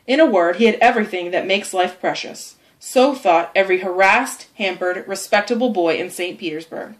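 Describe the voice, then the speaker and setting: A woman narrating a storybook chapter in a clear, measured, expressive reading. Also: mid-range voice. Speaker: audiobook narrator.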